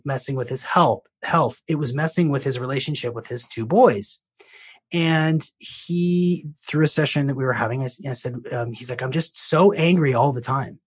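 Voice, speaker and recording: A man's voice: mid-range voice, slightly rough. A man working as a coach, telling a client's story and explaining a technique in a conversational way, with frequent restarts and casual swearing. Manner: swears casually when quoting.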